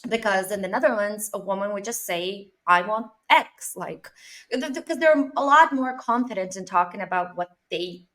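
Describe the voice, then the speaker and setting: A woman's voice: mid-range voice, normal speed. Chatty woman podcast host. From Canada. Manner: animated storytelling with frequent fillers and laughs. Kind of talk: casual interview chat.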